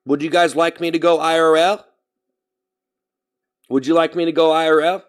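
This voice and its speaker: A man with a fairly high voice rambles through a casual live stream, talking straight to his chat. He keeps tripping over his words, restarting and correcting himself before he finishes a thought. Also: level tone, moderate pace, long pauses. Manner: talks straight to chat, reading out names.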